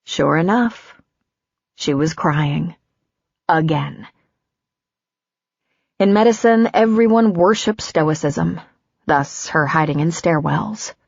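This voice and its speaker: A woman narrating an audiobook in a measured, even storytelling voice. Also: sits low, creaky, husky, no room sound, dull audio. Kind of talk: scripted narration.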